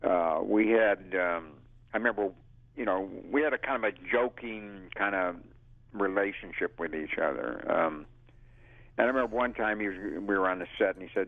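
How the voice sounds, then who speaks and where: Brief: older male actor, very low and gravelly, animated anecdotes over a phone line. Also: normal speed, no room sound. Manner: lively storyteller who acts out quotes and laughs. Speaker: actor interviewee. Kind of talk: casual anecdotal interview.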